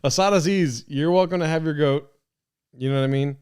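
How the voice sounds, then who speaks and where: A man's voice: fairly high pitch, brisk, a little mellow, smooth. A man hosting a live stream, rambling in casual commentary with lots of swearing, fillers and restarts. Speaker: podcast host streaming.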